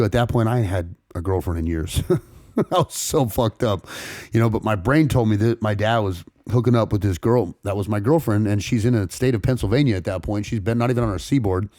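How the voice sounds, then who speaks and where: A man's voice: fairly low pitch, mellow, no echo, studio quality. A man from California's San Fernando Valley, a podcast guest telling his story candidly, blunt and emotional, with frequent swearing.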